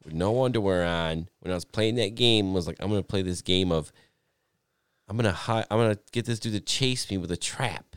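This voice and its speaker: A young man with a fairly low voice rambles through a story in casual podcast chat, full of fillers and swearing. The sound is dry and close to the mic, with no room around it. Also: a little fast, smooth, no room sound. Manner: rambling, profane, animated storyteller with lots of "like".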